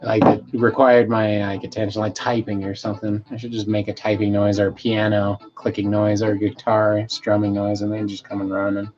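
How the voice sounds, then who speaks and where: A man's voice: on the low side, little pitch movement, a little fast, few pauses, darkish tone. Laid-back man rambling on a livestream. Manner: rambling, laid-back, reading chat aloud. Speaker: livestream host. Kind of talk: casual livestream chat. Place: home. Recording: slightly muffled, faint music behind.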